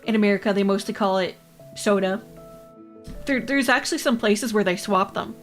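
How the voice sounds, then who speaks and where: A woman's voice: mid-range voice, normal speed, faint music behind. A woman from Canada, chatting casually with her livestream chat, rambling and laughing often. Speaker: VTuber streamer.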